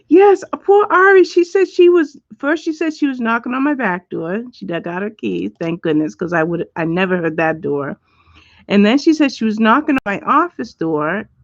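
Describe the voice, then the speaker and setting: A woman's voice: mid-range voice, dry recording. Chatty middle-aged woman, dry lo-fi sound. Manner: chatty, warm, reads out viewer comments. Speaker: livestream host. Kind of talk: casual chat with viewers. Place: at home.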